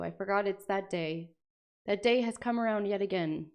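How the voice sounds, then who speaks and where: A woman's voice: medium pitch, a little fast, a little mellow, clean tone. A young adult woman chatting casually on a livestream, reading aloud and reacting with jokey, sweary asides. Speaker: streamer.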